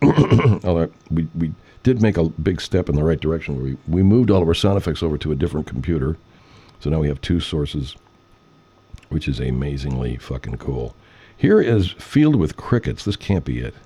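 Husky man, very low, animated, rambling profane host, clears his throat a lot. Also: normal speed. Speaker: radio show host. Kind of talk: casual off-air chat.

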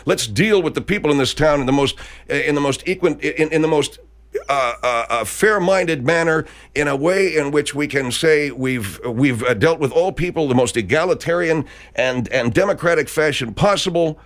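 A man's voice: fairly high pitch, normal speed. A man delivering an angry, profane rant full of sarcastic jabs and constant swearing.

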